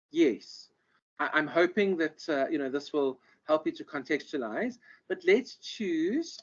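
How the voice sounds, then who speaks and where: A man's voice: a little high, fairly bright tone. A man giving an online lecture, rambling with many ums and restarts over a video call. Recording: muffled lo-fi audio.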